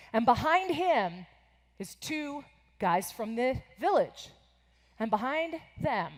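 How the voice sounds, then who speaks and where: An American woman in her forties giving an energetic, animated motivational keynote to students in a large conference hall. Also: a little high. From United States. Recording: echoing convention hall.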